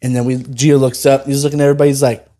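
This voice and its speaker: A man's voice: mid-range voice, flat delivery, rapid-fire, warm tone, a little hiss or hum. A young man telling blunt, profane stories in a casual podcast chat. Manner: blunt, swearing freely. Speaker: podcast co-host.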